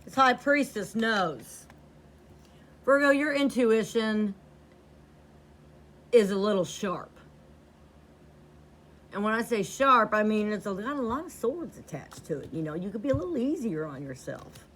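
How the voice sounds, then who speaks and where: A woman's voice: mid-range voice, animated, unhurried, pauses often, a bit bright. A woman giving a tarot reading to camera, blunt and profane, repeating lines for emphasis. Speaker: tarot reader.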